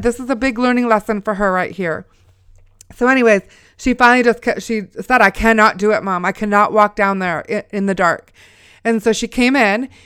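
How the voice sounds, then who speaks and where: A woman's voice: mid-range voice, a bit bright, smooth, dry recording, clean studio sound. A middle-aged woman, a mother, telling a faith story in an earnest, exhorting way. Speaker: mother sharing a faith testimony. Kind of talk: Christian storytelling talk.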